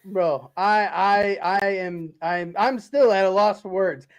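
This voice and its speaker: Breathless, stammering excited man. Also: sits high, unhurried, clear, resonant tone. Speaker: podcast co-host. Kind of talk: excited post-game chat.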